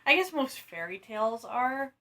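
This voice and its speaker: A woman chatting casually, answering with quick, amused remarks. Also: fairly high pitch, big pitch swings, sharp tone. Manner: quick reactive interjections, amused. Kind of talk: casual chat.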